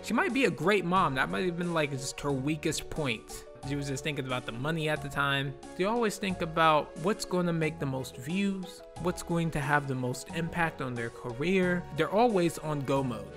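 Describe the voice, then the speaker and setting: A man's voice: on the high side, normal speed, few pauses. Profane, exasperated man ranting over music. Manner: profane, blunt and exasperated, repeats himself. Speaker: YouTube commentator. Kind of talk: ranting commentary vlog.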